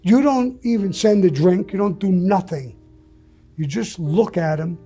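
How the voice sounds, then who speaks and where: Husky guy with a dark mellow voice, swearing his way through a story, faint music behind. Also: sits high, unhurried. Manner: blunt, profane, animated retelling of conversations. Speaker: interview guest. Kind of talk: casual storytelling.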